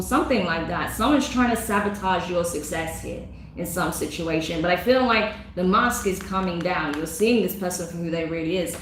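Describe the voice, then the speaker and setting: A woman giving a casual tarot reading, effusive and emotional, chatty with lots of fillers. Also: fairly low pitch. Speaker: tarot reader. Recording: very echoey room with faint noise.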